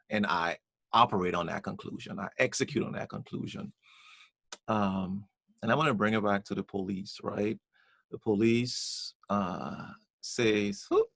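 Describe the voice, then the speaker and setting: A man's voice: fairly low pitch, vocal fry, no room sound. A man chatting casually on a podcast, telling a personal story with lots of repeated words and restarts.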